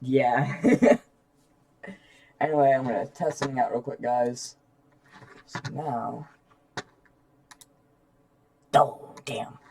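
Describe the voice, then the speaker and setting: A man's voice: mid-range voice, fairly even intonation, slow pace, gravelly, long pauses, darkish tone. A man co-hosting a casual chat, joking, teasing and laughing often. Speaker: co-host.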